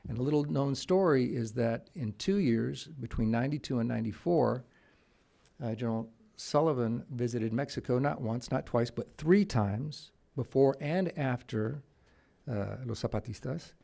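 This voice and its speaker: A man speaks at a policy conference, with a gravelly edge and a dark, mellow tone. He tells stories and keeps restarting his sentences. He often stops on "uh" before going on. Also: mid-range voice. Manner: halting, many restarts and fillers; storytelling with quoted voices. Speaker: conference panelist. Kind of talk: presentation with anecdotes. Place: conference room.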